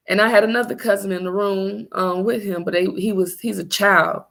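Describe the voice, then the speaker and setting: A young woman telling her own story as a mother in a personal vlog, halting and searching for her words. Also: mid-range voice, steady tone, vocal fry.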